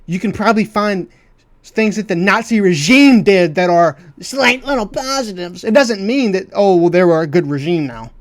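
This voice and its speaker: A man's voice: high voice, expressive, moderate pace. A man commenting on a clip of his own debate, talking emphatically and repeating phrases for stress. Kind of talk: heated commentary over a clip.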